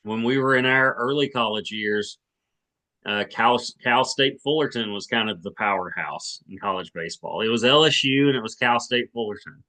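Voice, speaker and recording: A man's voice: medium pitch, moderate pace, sharp tone. A man of around forty from Arkansas, co-hosting a sports podcast in casual chat, rambling with many restarts and hedges.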